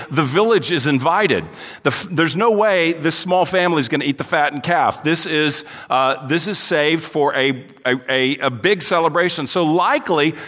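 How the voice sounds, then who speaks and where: A man's voice: fairly high pitch, a bit bright. Man preaching with long hall reverb. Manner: reads scripture aloud, then explains it verse by verse. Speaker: pastor. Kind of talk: expository sermon.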